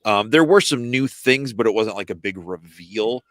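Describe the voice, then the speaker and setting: Man, very low voice, halting, filler-heavy, dry, video call. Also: expressive, fairly bright tone, dry recording. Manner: halting, many fillers, explaining. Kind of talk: casual chat.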